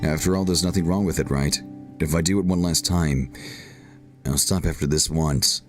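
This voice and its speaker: A man's voice: very deep voice, moderate pace, over music, voice pushed down. A man reading aloud as a shy, anguished teenage girl narrating a visual novel, voicing her with emotional outbursts. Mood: brooding. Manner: reads emotionally, rising to pleading outbursts.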